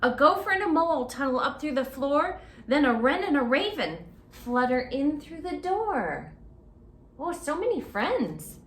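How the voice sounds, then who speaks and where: A woman librarian reads a picture book aloud to children, playful and expressive. Her high voice swings widely and takes its time. The recording carries a roomy echo and a faint hiss. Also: a little slow. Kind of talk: storybook read-aloud for children.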